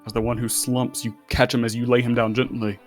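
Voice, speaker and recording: A man's voice: mid-range voice, level tone, brisk. A man game master narrating a tabletop session. His delivery is loose and rambling, full of fillers and restarts. Faint music plays behind him.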